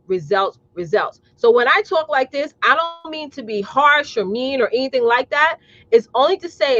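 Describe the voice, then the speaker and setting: A woman's voice: high voice, a bit bright, lo-fi sound. A woman business coach hosting a live talk, blunt and sassy, calling her audience y'all and preaching about mindset. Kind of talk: live streamed motivational talk.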